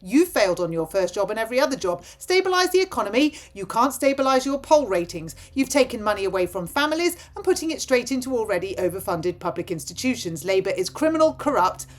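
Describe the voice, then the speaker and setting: A woman delivers a political rant straight to camera. She is impassioned and speaks in rapid-fire bursts, barely stopping for breath. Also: fairly high pitch, big pitch swings. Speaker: political vlogger.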